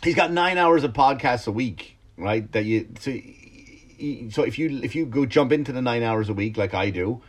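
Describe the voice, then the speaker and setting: A male comedian on a podcast ranting in a casual, animated monologue, swearing freely and restarting his sentences. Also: mid-range voice, normal speed.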